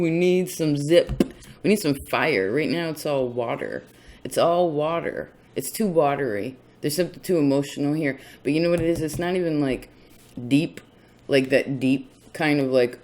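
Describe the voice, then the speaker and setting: A man's voice: on the high side, moderate pace, darkish tone. A man giving a casual tarot reading in a rambling, chatty way, often stopping himself mid-thought. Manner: rambling, chatty, self-interrupting. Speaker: tarot reader.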